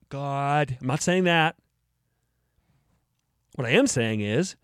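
A man's voice: fairly high pitch, no echo, studio quality. A man hosting his own podcast, joking and mock-indignant, laughing at his own jokes. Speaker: podcast host. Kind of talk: casual solo podcast talk.

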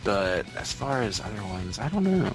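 A man co-hosting a casual podcast chat, retelling movie scenes in an animated way and swearing freely. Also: lowish voice, normal speed, over music. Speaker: podcast co-host.

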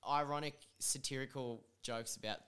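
Bright-voiced Australian man chatting loosely. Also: mid-range voice, fairly even intonation, normal speed, smooth. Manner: swears freely, laughs often, loose and joking. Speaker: podcast guest, music producer and DJ. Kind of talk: casual chat.

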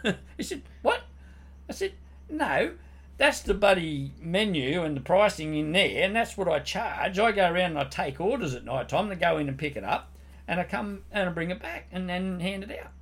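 A man's voice: high voice, very animated, normal speed, fairly bright tone, slightly rough. An older man telling army stories in casual podcast chat, swearing freely and laughing through his punchlines.

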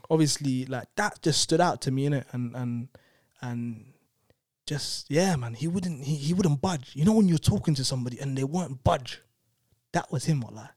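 A man's voice: mid-range voice, no room sound, clean studio sound. A young man, animatedly telling a personal story in casual chat, full of tag questions. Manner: animated, peppered with "innit" and "you know what I'm saying". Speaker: storyteller guest.

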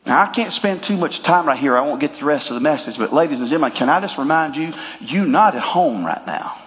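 Man preaching, high voice, conversational sermon, slows down for emphasis, reverberant church hall, thin tinny phone-like sound. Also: expressive. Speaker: pastor.

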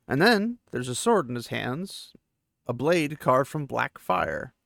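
A man's voice: mid-range voice, expressive, moderate pace, gravelly, fairly bright tone, dry recording, studio quality. A man hosting a podcast, casually retelling a novel chapter in loose, chatty paraphrase with fillers. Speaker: podcast host.

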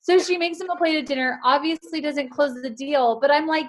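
A woman, a guest on a talk show, telling a story in a casual, animated way and laughing often. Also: high voice, brisk, few pauses.

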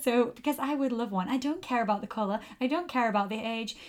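A woman's voice: on the high side, fast talker. A woman co-hosting a podcast, telling a story in casual chat with giggly asides. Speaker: podcast co-host.

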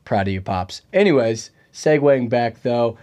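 Young dude host, rambly and jokey, medium voice, chill coffee chat. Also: male voice, mid-range voice, expressive, a little slow, a little mellow. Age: young adult. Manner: chatty, joking, full of fillers. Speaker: podcast host. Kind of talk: casual chat.

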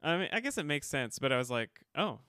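A man co-hosting a casual podcast recap chat, animated and quick to laugh as he retells scenes. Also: medium pitch, smooth, no room sound, studio quality. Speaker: podcast co-host.

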